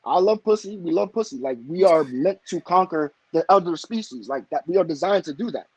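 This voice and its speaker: A man's voice: on the high side, animated, a little fast, darkish tone, husky, no echo. A man arguing brashly and insistently as a guest on a live talk show, often cutting in. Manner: brash, insistent, talks over others. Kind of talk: casual debate on a live show.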